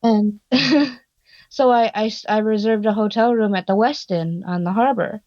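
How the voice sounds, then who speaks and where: A woman guest on a podcast, telling a story in a casual, animated way and swearing freely. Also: medium pitch, normal speed, dry recording. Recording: dull lo-fi dry sound.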